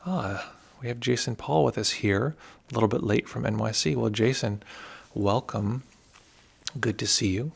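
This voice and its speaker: Male meditation teacher, low gravelly voice, relaxed and digressive livestream delivery. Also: normal speed.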